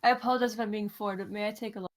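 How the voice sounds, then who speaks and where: A woman's voice: medium pitch, steady tone, racing, close to an everyday voice. A woman voicing a politely formal masseuse character in a tabletop game.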